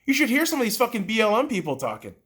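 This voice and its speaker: A man hosting a podcast, delivering a heated, profane, mocking political rant that swings from loud outbursts to low muttering. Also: huge pitch swings, racing, husky. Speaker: podcast host.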